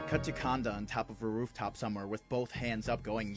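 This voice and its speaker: A man's voice: fairly low pitch, fairly even intonation, fairly quick. A man casually narrating his fan film idea, loose and chatty, with fillers, over background music.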